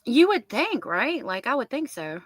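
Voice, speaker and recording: A woman's voice: fairly high pitch, big pitch swings, normal speed, dry recording. A woman hosting a casual livestream, reading viewer comments aloud and reacting to them. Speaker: livestream host.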